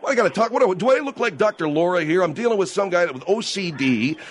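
A male talk radio host, argumentative and quick to snap, his pitch swinging widely around a fairly high voice. The call-in has a faint noise bed under it. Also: expressive.

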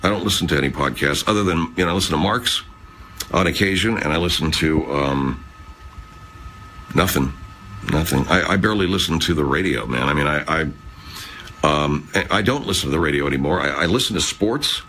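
A man's voice: extremely low pitch, expressive, quick pace, sharp tone, a little hiss or hum. A man hosting a casual live chat, rambling, swearing, and reading out viewer comments. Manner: rambling, profane, chatty. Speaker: livestream host.

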